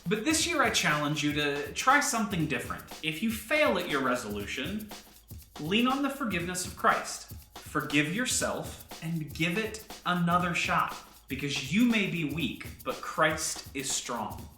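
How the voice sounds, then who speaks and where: A man hosting a comedic devotional vlog in a playful, self-mocking yet earnest way. His voice is bright and fairly high, with pitch that leaps around. The sound carries an echoey room. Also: big pitch swings, a little slow, soft background music. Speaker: host.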